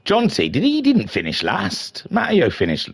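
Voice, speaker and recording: A man's voice: a little high, huge pitch swings, moderate pace, creaky, breathy edge. Chatty man hosting a race stream. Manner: chatty, self-mocking, flustered. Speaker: league race stream host. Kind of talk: casual live-stream race commentary.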